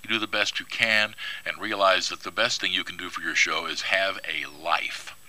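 A man's voice: low-pitched, steady tone, normal speed, bright, forceful tone, low-quality recording. An older man, a guest radio host, chatting casually in a studio interview with a laid-back manner and dry humor.

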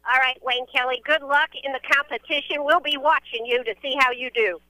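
A woman's voice: high voice, steady tone, brisk, sharp tone, no echo, poor audio. Upbeat Southern woman radio host. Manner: chatty, folksy and upbeat. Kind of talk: live remote radio interviews. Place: outdoor festival by a fountain.

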